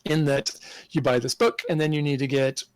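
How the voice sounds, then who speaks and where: A man answering interview questions in a thoughtful, halting way, with many fillers and restarts. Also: a little high, steady tone, clean tone, dry recording. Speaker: game designer guest.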